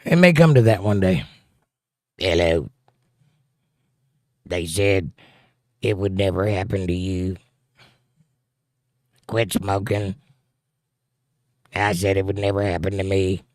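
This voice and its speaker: A man imitating someone speaking through an electronic throat voice box after years of smoking, in a flat, droning, mechanical delivery. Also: lowish voice, very fast, few pauses, no room sound, studio quality, pitched below the performer's own voice, close to an everyday voice. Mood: mock-solemn.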